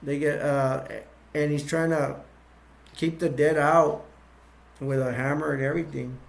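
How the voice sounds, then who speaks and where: A man with a slightly high voice recaps a film's plot in loose, casual talk. He wanders through the story with plenty of fillers, false starts and self-corrections. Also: level tone, unhurried, creaky. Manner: rambling, with many fillers and restarts. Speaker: movie reviewer.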